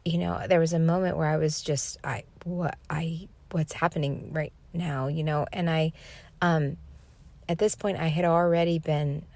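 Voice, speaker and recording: A woman's voice: low voice, steady tone, normal speed, vocal fry, darkish tone. A woman hosting a podcast, telling a personal spiritual story in an earnest, reflective way. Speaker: podcast host.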